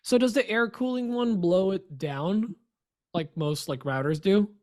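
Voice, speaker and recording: Easygoing male co-host, chatty, mid pitch, quick asides. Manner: laid-back, laughs often, quick asides. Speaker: podcast co-host. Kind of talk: casual podcast chat.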